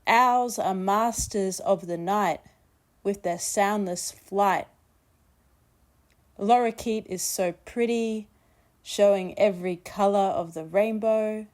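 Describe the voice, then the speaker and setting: A woman, a children's book author, reading her children's story aloud in a slow, gentle storybook manner. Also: mid-range voice. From Australia.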